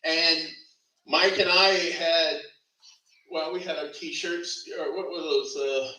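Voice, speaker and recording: At a funeral service, a middle-aged man with a slightly high, sharp voice delivers a rambling eulogy slowly and with fairly even intonation. He laughs through his stories and corrects himself along the way, captured by a distant mic in an echoey room.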